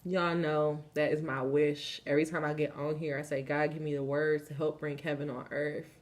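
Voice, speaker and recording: A woman hosting a spiritual card-reading vlog, excitable and profane, laughing often, who turns slow and solemn when she reads cards aloud while seated indoors. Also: low-pitched. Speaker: card reader and channel host.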